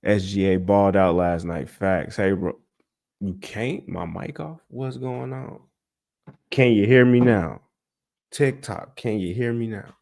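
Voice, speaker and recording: A young man hosting a casual sports livestream, talking straight to his chat in an animated, exasperated way. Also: on the low side, a little slow, vocal fry. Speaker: sports podcast host.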